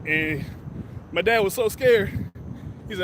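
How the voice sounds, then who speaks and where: A man walking outdoors along a city street, telling a story in a playful, animated way with sound effects. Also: high voice, slow, pauses often. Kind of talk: walk-and-talk storytelling. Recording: loud traffic and wind noise.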